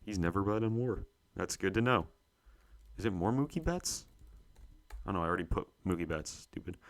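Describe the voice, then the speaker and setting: Low-voiced young man muttering through a quiz. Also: a bit bright. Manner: muttering, self-talking, searching for names. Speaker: co-host. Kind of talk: solo quiz play-through, thinking aloud.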